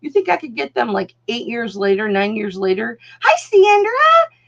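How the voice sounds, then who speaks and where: A woman runs a live online jewelry auction in casual, talkative style. Her mid-pitched voice has a gravelly edge with plenty of fry, and she keeps calling viewers darling and honey. The sound is muffled and lo-fi. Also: fairly quick. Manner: chatty, calls viewers darling, honey and doll. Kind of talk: casual live-stream selling chat. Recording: dull lo-fi sound.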